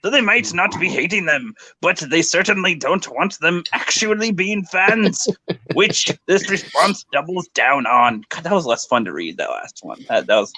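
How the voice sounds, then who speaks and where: A man's voice: a little high, lively intonation, normal speed, bright, forceful tone, no echo. A man hosting a casual livestream, sarcastically reading comments aloud. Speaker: streamer host.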